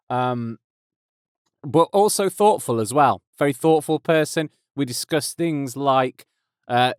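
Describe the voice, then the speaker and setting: Male metal podcast host in his 30s, smooth clear voice, rambly and self-deprecating. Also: mid-range voice, dry recording, studio quality. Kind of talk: casual podcast intro. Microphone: close studio mic.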